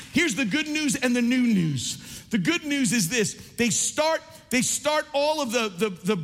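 A man's voice: very high-pitched, fairly bright tone. A man preaching a sermon as pastor, building fervor with rhetorical questions, in a large church sanctuary. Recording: long reverb of a large hall.

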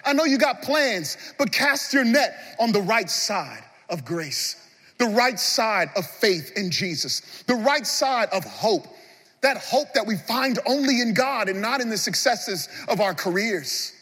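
A man preaching a sermon as pastor of a large church, swinging between loud passionate appeals and hushed moments. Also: high voice, sing-song, a little slow, slightly rough, big-room sound.

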